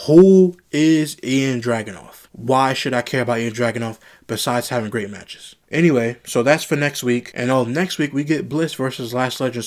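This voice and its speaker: Guy doing a solo wrestling review, mid-pitch voice, ranting and repeating himself a lot.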